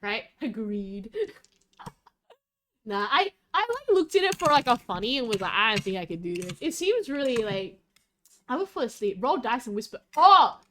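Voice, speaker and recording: A young woman streaming and chatting casually, rambling with lots of "like" and dipping into loud whispers. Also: high-pitched, very animated, normal speed, a little hiss or hum. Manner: rambling, giggly, full of "like". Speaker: vtuber streamer. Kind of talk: casual livestream chat.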